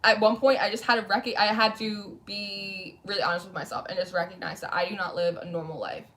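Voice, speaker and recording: A woman's voice: mid-range voice, fairly even intonation, brisk, sharp tone. A young woman chatting casually on a livestream as a tarot reader, rambling as she reads and answers viewer comments. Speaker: tarot reader streaming live. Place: home room lit by candles.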